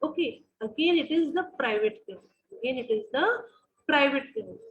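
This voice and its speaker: High-voiced woman with an Indian English accent lecturing online. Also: animated, normal speed, lo-fi sound. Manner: repeats phrases, many fillers, asks the class questions. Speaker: university lecturer.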